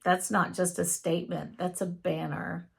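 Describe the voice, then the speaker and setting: A woman's voice: on the low side, flat delivery, moderate pace, creaky, slightly rough, exaggerated voice. A woman reading a sarcastic male AI chatbot. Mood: teasing.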